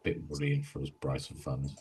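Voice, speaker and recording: Deep-voiced man giving casual betting tips. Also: completely flat delivery, moderate pace, darkish tone, a little hiss or hum. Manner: rambling, jokey, talks through betting tips. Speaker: podcast co-host. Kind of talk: casual podcast chat.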